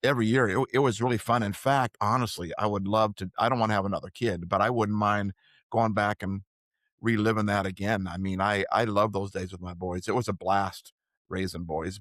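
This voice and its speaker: An older man co-hosting a podcast, sharing reflective, earnest stories in a relaxed chat. His voice sits low. The recording is dry and close to the mic. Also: no echo. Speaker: podcast co-host. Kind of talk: casual chat.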